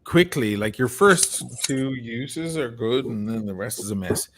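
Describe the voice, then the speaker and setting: A man's voice: medium pitch, unhurried, a little hiss or hum. A tired, slightly drunk man with an Irish accent, hosting a loose chat, swearing freely and laughing. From Ireland. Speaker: podcast host. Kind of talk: casual late-night chat.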